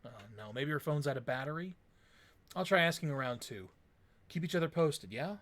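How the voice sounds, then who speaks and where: A man's voice: a little high, expressive, fairly quick, fairly bright tone. A man voicing a chatty, caring young woman who is a playful best friend. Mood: worried. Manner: chirpy, teasing, caring.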